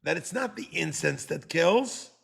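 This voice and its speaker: A man's voice: on the high side, lively intonation, measured pace, vocal fry, a bit bright, slightly rough. A man, a rabbi teaching a Torah class, animatedly dramatizing the text.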